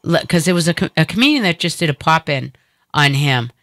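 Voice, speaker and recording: A middle-aged woman from Boston with a Boston accent, hosting a casual chat in a blunt, animated way and swearing freely. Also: low-pitched, a little fast, no echo, clean studio sound. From Boston area, USA. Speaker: host.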